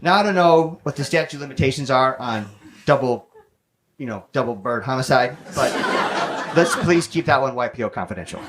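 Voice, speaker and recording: A young man doing stand-up comedy, telling a self-mocking story in quick, animated bursts with some swearing, on a comedy stage with a handheld mic. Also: medium pitch, crowd noise. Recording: loud background noise with audience laughter.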